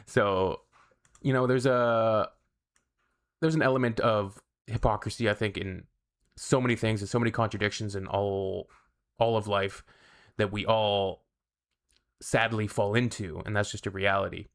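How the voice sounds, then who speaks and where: A man's voice: fairly low pitch, steady tone, a little slow, long pauses. A man hosting a reaction channel, chatting casually with wry, sarcastic asides. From Canada.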